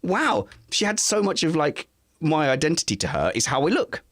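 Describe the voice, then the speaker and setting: A man tells a family story in a casual chat. His pitch swings widely as he jumps up into high voices for his wife and kids. The sound is dry and close. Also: big pitch swings, brisk, no echo. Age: 40s. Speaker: podcast co-host. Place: home.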